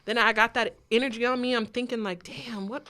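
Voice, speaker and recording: A woman's voice: on the high side, level tone, quick pace, bright, forceful tone, smooth. A young woman as an interview guest, telling her story candidly and animatedly, acting out other people's voices as she goes.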